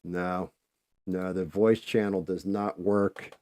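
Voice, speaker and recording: A man's voice: deep voice, level tone, takes it slowly, a little mellow, dry recording. A man hosting a live stream, chatting casually and swearing freely while he paints. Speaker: livestream host.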